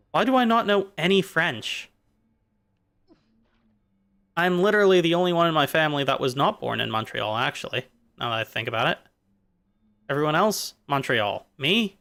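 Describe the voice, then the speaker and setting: Smooth-voiced man rambling while gaming. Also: fairly high pitch, bright, forceful tone. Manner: playful, musing, jumping between jokes and philosophy. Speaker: streamer.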